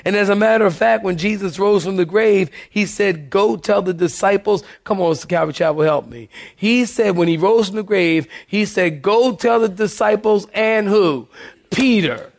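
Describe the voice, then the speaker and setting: A man preaching a sermon as pastor, animated and joking, calling out to the congregation. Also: high voice, moderate pace, gravelly.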